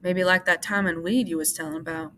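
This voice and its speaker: A calm, steady ranch leader who speaks quietly and evenly, voiced by a woman. Her voice sits fairly low, with a faint hiss behind it. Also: lightly acted. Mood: grave. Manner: quiet, measured.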